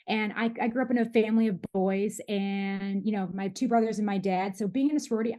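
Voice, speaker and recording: A woman in her forties from Michigan, a podcast guest chatting casually and telling stories in an animated way, often restarting her sentences. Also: on the high side. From Michigan, USA. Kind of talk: casual interview storytelling.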